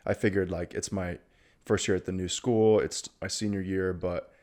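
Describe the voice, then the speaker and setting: A man in his twenties, a guest on a casual podcast, joking in a dry, deadpan way with hesitant fillers. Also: sits low, normal speed. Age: 20s.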